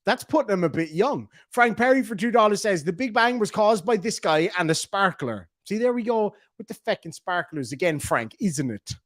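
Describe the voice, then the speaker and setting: A man's voice: sits high, lively intonation, normal speed, hardly any pauses, a bit bright, no room sound, clean studio sound. An Irish man with a cold hosting a casual live stream, reading chat messages aloud in a jokey, chuckling way. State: has a bad cold. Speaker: streamer host reacting to videos.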